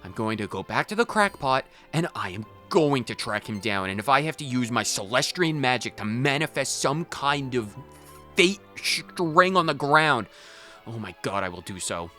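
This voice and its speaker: Man ranting in character over a game, super lively pitch, faint game music in the back. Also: moderate pace. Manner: exasperated, ranting. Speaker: let's play streamer. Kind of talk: in-character role-play commentary.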